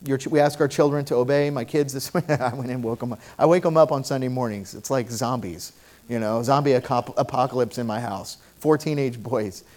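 A middle-aged man preaching a sermon as pastor, swinging between quiet reflection and loud, emphatic declarations. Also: mid-range voice, brisk.

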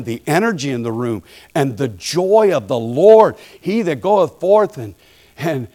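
A male preacher telling a humorous story from the pulpit, quiet and folksy one moment and loud and fired up the next. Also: on the high side. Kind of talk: storytelling sermon.

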